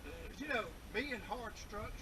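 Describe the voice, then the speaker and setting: A man's voice: sits high, animated. A man from Alabama, a fellow holidaymaker who jokes and laughs while he bants. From Alabama, USA. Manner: laughing, joking, slow. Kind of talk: casual banter. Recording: distant voice under loud wind noise.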